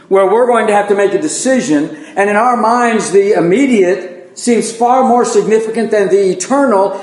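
A man's voice: high-pitched, echoey room, low-quality recording. A man preaching an evening Bible lesson in a conversational sermon style, folksy and self-deprecating, with plain asides to his congregation.

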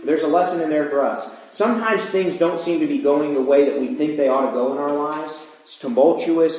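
Brief: relaxed male preacher, fairly high voice, informal and questioning, echoey room. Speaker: pastor. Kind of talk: conversational sermon.

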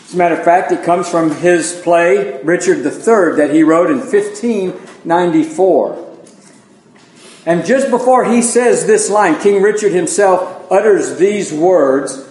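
A man's voice: high-pitched, measured pace, darkish tone, roomy sound, rough recording. A man preaching an evening Bible lesson in a conversational sermon style, folksy and self-deprecating, with plain asides to his congregation.

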